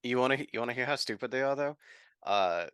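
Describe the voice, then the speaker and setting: A man's voice: medium pitch, animated, fast, a bit bright, clean tone, no room sound, clean studio sound. A man playing a tabletop game, talking in a casual, profane and sardonic way. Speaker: player.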